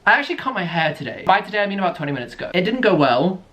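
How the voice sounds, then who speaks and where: A man's voice: high voice, big pitch swings, racing, noisy background. A young British man vlogging at home in a playful, camp, joking manner, often breaking into silly sung bits. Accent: British English. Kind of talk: casual comedic vlog.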